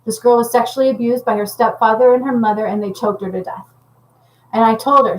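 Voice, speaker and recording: A woman's voice: a little high, steady tone, brisk, rough recording. A woman working as a spiritual healer and medium, talking casually and intensely to viewers on a livestream, rambling and often checking in with "okay?".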